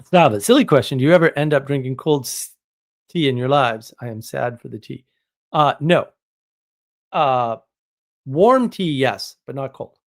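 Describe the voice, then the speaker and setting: This live stream host from New England has a gravelly, medium-pitched voice and a moderate pace. He reads chat and responds to viewers in a rambling, casual way, exaggerating for laughs.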